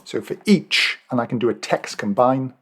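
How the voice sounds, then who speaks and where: Animated and fairly bright, this mid-range male voice moves at a moderate pace. It belongs to an Australian Excel and Power BI trainer who walks through a spreadsheet task in a casual screen recording, thinking aloud, using fillers and correcting himself.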